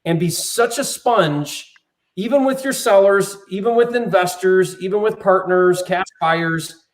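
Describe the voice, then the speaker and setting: A man speaking earnestly as a guest on a live Q&A, giving quick advice. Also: sits high, reverberant, rough recording. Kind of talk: live Q&A conversation.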